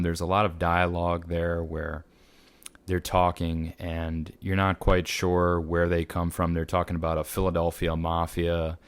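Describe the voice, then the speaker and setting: Deep-voiced man reviewing a film. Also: dry recording. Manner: rambling, many fillers and restarts. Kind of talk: casual film review monologue.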